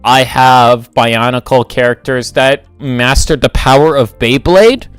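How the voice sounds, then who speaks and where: A man's voice: medium pitch, a little slow, clear, resonant tone, dry recording, soft background music. A man hosting a livestream, thinking aloud as he builds, rambling and correcting himself in a casual chat. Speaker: livestream host.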